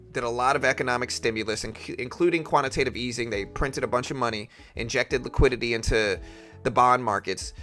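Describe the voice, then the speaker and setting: A man's voice: mid-range voice, bright, forceful tone. A young man casually talking markets on a live trading stream, opinionated and chatty as he reads out chat messages.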